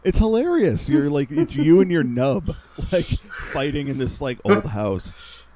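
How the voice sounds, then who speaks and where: A man co-hosting a casual podcast, speaking with hesitant, halting starts. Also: fairly high pitch, very animated, crowd noise. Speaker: podcast co-host. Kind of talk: casual chat.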